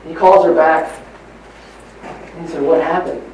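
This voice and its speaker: A man's voice: fairly high pitch, little pitch movement, unhurried, slight background noise. Man speaking in an echoey hall. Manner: storytelling, swings between hushed and emphatic. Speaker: motivational speaker. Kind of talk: motivational training talk. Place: large hall at a live training event. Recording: echoey live hall recording from far off.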